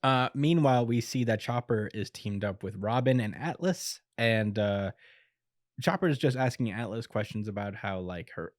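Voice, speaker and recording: A man's voice: lowish voice, lively intonation, moderate pace, dry recording, studio quality. A man hosting a podcast, casually recapping an episode with chuckles and plenty of filler words. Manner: laid-back retelling with chuckles and filler words. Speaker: podcast host. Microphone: podcast mic.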